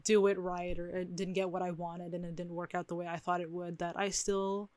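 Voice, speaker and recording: A woman's voice: fairly low pitch, little pitch movement, fairly quick, a little mellow, no echo. A young woman vlogging from her bedroom in a chatty, rambling, self-reflective way, laughing often. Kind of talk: casual chat to camera.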